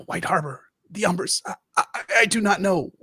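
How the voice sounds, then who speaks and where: A man voicing a dying old male maester who speaks in halting, faltering bursts. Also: high-pitched, bright, forceful tone, breathy edge, dry recording, studio quality, pitched above the performer's own voice, heavily acted. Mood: desperate.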